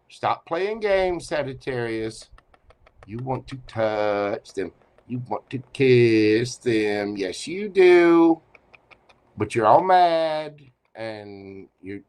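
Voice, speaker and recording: A man giving a live tarot reading, teasing and playful as he talks straight to the listener. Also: medium pitch. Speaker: tarot reader.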